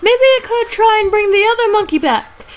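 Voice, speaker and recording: A woman reading game lines and chatting in an excitable, giggly, exclamatory way. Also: very high-pitched, fairly quick. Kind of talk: casual dub reading with chat.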